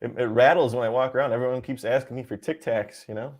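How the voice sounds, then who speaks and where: Man telling deadpan one-liners. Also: medium pitch, fast. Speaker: podcast co-host.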